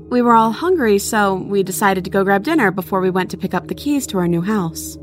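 Female narrator, first-person storytelling, earnest and natural, middle pitch, faint music bed. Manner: earnest, conversational retelling with small restarts.

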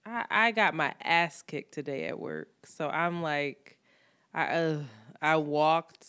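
Lower-voiced woman co-host. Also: expressive, slow pace, a bit bright, smooth. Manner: reactive, short interjections. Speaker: podcast co-host. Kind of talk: casual chat.

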